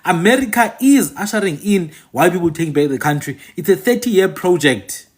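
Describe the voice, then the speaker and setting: A man's voice: sits high, expressive, moderate pace, slightly rough. A man with a South African accent who hosts a channel, giving an opinionated monologue to his viewers and repeating phrases for emphasis. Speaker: channel host and commentator.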